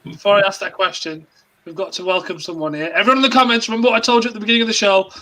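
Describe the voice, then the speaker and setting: A man hosting a football fan discussion on a video call, lively and steering the chat between panelists. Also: sits high, rapid-fire, low-quality recording. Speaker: show host.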